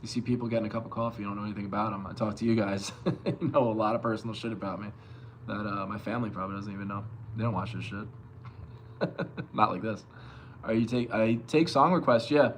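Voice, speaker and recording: A young man from Long Island streaming live as a bass player, loosely reading chat and answering with plenty of swearing. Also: fast, a little hiss or hum. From Long Island, New York. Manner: loose and profane, reads chat aloud and answers.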